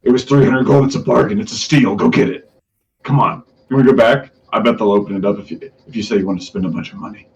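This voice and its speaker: Male player, lowish voice, playful, heard from a distant mic with faint hiss. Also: fairly even intonation, fast talker, dull audio. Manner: playful, hesitant fillers. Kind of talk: in-character tabletop role-play.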